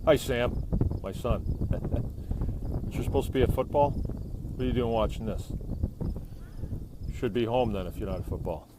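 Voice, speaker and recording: An easygoing man from New England is live-streaming a casual biochar-making demonstration outdoors beside a burning kiln, holding the phone himself as a fire roars behind him. He rambles and jokes in a medium-pitched voice, speaking unhurriedly with frequent pauses against the noisy background.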